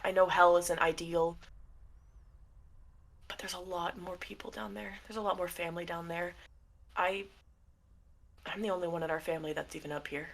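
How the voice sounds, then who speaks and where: A woman voicing a sad, gentle dead father who misses his family and talks haltingly. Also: mid-range voice, lightly acted. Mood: wistful. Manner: halting, full of fillers and restarts.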